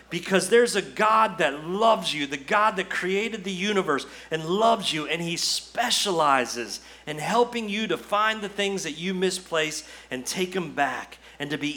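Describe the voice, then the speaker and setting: A man's voice: high voice, bright, forceful tone. A man preaching a sermon as pastor, earnest and exhorting, full of repetitions and rhetorical questions. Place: church.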